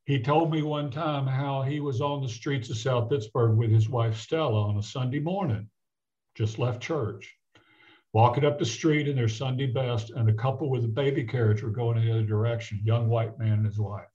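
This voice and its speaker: Man, older, from the American South, earnest, halting, restarts often, mid pitch, muffled lo-fi audio. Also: steady tone, dark tone. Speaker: guest, physician. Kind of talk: reflective personal storytelling in conversation. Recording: dull lo-fi audio.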